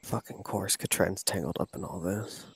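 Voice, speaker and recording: A man's voice: low-pitched, moderate pace, vocal fry, breathy edge, no echo. A man player in a tabletop game, asking hesitant questions. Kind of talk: casual tabletop play.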